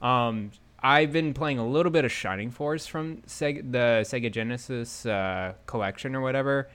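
Male co-host, mid-pitched, excitable casual gamer chatter, loose trailing sentences. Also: moderate pace, smooth. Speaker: podcast co-host. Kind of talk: casual gaming podcast chat.

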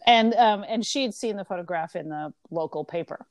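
A woman's voice: mid-range voice, dry recording. A woman in casual conversation, retelling a book's plot and briefly acting out the characters' lines. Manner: chatty retelling, acting out lines in quick voices. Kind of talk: casual book discussion.

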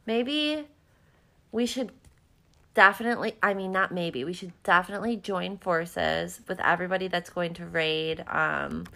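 A woman's voice: on the low side, a little slow, gravelly, fairly bright tone. A young woman co-hosting a podcast in casual chat, laughing often, swearing freely and trailing off mid-sentence. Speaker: podcast co-host.

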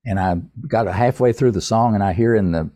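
An older man, a podcast guest, telling a personal story in a folksy, unhurried way and addressing the host by name. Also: fairly low pitch, warm tone, dry recording, studio quality. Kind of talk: casual storytelling.

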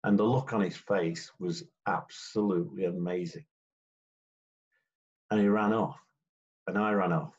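An older English man recalls his refereeing days in a chatty, anecdotal way. He slips into other voices when quoting players. His voice sits fairly low, and the recording sounds dull and lo-fi. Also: measured pace, pauses often, darkish tone. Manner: chatty storyteller, acts out quoted players. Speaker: former football referee. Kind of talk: interview anecdotes.

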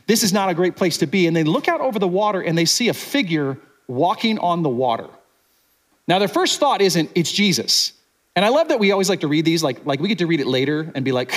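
A man preaching a sermon in a casual, conversational way, acting out what the people in the story are thinking and dropping to a quiet, intense voice for serious points. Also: high voice, sing-song, fast talker. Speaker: pastor.

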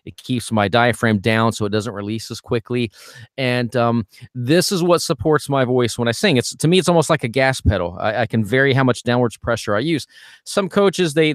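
A man teaching singing technique as a vocal coach, animated and demonstrating sounds as he explains. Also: mid-range voice, dry recording, studio quality. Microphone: studio microphone.

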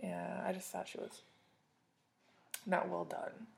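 A woman hosting a podcast in casual chat, rambling and chatty with plenty of fillers and soft asides. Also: on the low side, level tone, slow pace, vocal fry. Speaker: podcast host.

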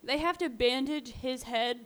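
A woman with a high, slightly bright voice, speaking a little slowly, co-hosts a podcast. She tells a true-crime story in a casual, chatty way, full of fillers.

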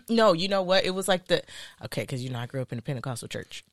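Lower-voiced woman telling stories with laughter. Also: sing-song, fast, no room sound, studio quality. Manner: playful storyteller, laughs often. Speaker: podcast co-host. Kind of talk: casual storytelling chat.

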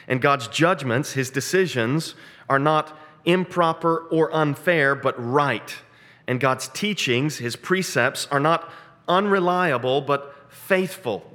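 Man, preacher, expository sermon, earnest, rhetorical questions, mid-pitched voice. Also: fairly bright tone. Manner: earnest, asks rhetorical questions, slows to stress key phrases.

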